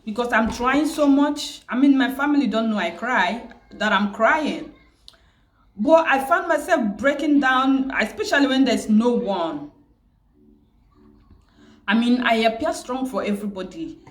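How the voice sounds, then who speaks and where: Grieving woman, tearful, very slow speech, echoey room. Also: a little high, animated. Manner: grieving, repetitive, pausing often. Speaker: vlogger. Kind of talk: emotional personal vlog.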